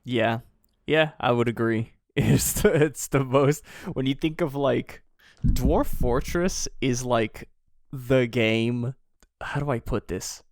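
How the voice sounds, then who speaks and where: A mid-pitched man talks slowly in a relaxed podcast conversation, chuckling often and letting his sentences trail off. The sound is dry and close to the mic. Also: no echo. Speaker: podcast co-host. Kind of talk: casual podcast chat.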